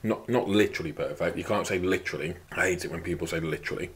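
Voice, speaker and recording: Crude jokes and heavy swearing fill this casual product review from a young fitness-channel host. He has a deep voice and talks fast, with few pauses.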